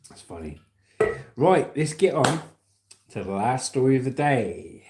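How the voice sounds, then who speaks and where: A man's voice: medium pitch, animated, moderate pace, darkish tone, echoey room. A man with a southern English accent hosting a casual news livestream, chatting with viewers and reading stories. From England. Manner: chatty, laughs often, addresses viewers as mate.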